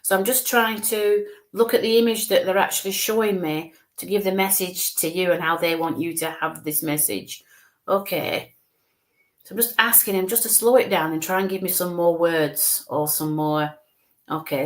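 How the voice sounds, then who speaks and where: A woman giving live psychic mediumship readings, reassuring viewers and softly coaxing spirits to come closer. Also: on the low side, fairly even intonation, moderate pace. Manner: reassuring, repeats "bless you" and "okay", coaxing spirits closer.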